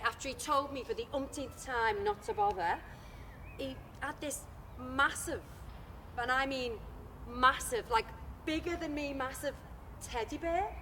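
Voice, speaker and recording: A woman plays a worn-out, worried daughter, confiding her frustrations in a high voice. There is faint background noise in the outdoor recording. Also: sharp tone. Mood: wistful. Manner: confiding, exasperated monologue. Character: weary, worried grown daughter.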